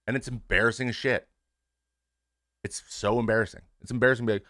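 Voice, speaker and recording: A man's voice: medium pitch, quick pace, bright, forceful tone, dry recording, clean studio sound. Candid man talking frankly on stream. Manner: frank and conversational, with restarts and swearing. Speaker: show host, former pitcher. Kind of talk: candid casual talk to a stream audience.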